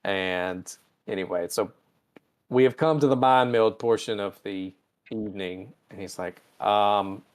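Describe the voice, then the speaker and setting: A man's voice: lowish voice, a little slow. A man hosting a podcast, recapping TV episodes in a casual, irreverent and profane way and acting out the characters' lines. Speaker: podcast host.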